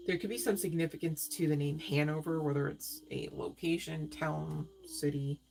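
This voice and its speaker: A woman's voice: low-pitched, steady tone, normal speed, creaky, a little mellow. A woman doing a live-stream tarot reading, talking straight to viewers in a chatty way, often asking "right?" and laughing. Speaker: tarot reader.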